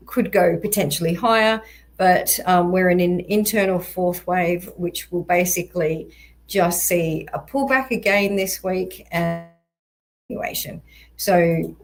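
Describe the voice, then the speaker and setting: A woman walking through crypto price charts in a measured, explanatory way, with frequent ums and a voice that is going hoarse. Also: lowish voice, low-quality recording. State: voice going hoarse, occasional coughs. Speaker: crypto market analyst. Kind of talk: chart analysis walkthrough.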